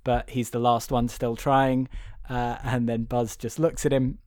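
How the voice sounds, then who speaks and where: A man's voice: medium pitch, level tone, unhurried, darkish tone, dry recording. Guy on a podcast recapping a movie, lots of ums n swearing, pretty dry sound. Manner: rambling, full of fillers, swears and laughs; choked up at moments. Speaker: podcast co-host. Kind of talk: casual chat retelling a film.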